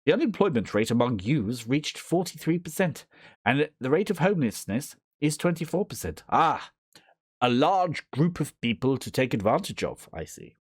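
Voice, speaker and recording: A man's voice: mid-range voice, very animated, normal speed, breathy edge, dry recording, studio quality. A man rambling jokily through a horror game playthrough, reading the game's text aloud and slipping into silly voices. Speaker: gaming YouTuber.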